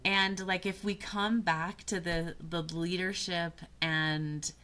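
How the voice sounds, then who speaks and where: A woman guest on a coaching podcast, talking in a reflective way and often pausing to find her words. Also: lowish voice, fairly even intonation, pushed and bright. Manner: thoughtful, searching for words, restarts mid-phrase.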